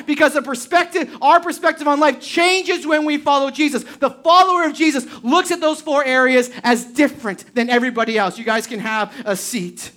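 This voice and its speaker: A woman's voice: sits high, fairly bright tone. A woman preaching a sermon to a congregation, emphatic and full of rhetorical questions. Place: church service before a congregation.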